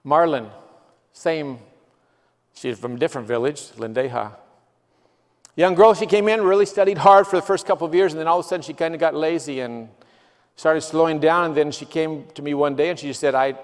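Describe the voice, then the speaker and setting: A man giving a missionary's testimony sermon, telling stories in an earnest way that swells with emotion. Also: medium pitch. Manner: earnest storytelling, quoting people, swells with emotion. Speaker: guest missionary. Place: church sanctuary. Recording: long church reverb.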